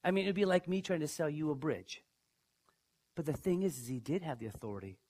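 A man preaching a sermon, emphatic, who asks his listeners questions and swings from hushed to loud. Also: expressive, fairly quick. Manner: emphatic, dramatic swings in pitch and loudness. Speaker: pastor.

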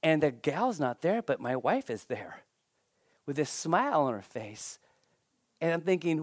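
Animated preacher man, lively pitch. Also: moderate pace, no room sound, clean studio sound. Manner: animated, emphatic storytelling. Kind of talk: sermon with personal storytelling.

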